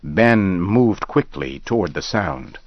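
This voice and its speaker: A man reading a scripted story aloud in a slow, measured way. The recording sounds dull and lo-fi. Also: low voice, lively intonation, no echo.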